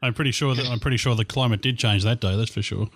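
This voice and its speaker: A man's voice: medium pitch, steady tone, fast, no echo. An Australian man hosting a podcast in a chatty, laid-back way. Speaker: podcast host. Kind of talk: casual podcast chat.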